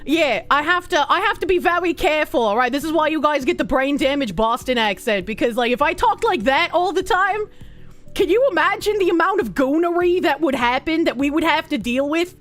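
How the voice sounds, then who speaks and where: A woman streamer chatting casually and reading chat aloud, giggly and animated, with a slightly rough throat. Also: high-pitched, fairly quick.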